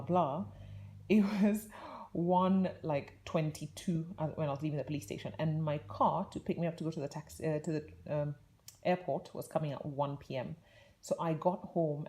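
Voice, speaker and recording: A woman's voice: deep voice, warm tone. A young woman vlogger telling a rambling, chatty story in a casual way, laughing often between her words.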